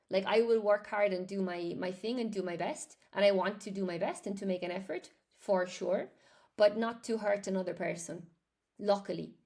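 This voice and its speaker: An Irish woman, an English teacher, chats through a live stream and answers her viewers one by one. Her voice sits a little high and carries a gravelly, creaky texture. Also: darkish tone. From Ireland. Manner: chatty, reads and answers viewer comments.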